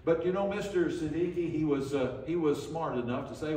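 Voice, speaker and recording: A man's voice: fairly high pitch, brisk, few pauses, dark tone, slight background noise. An older man preaching a sermon in a church, telling stories in a folksy way with frequent restarts. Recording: echoey church room, from far off.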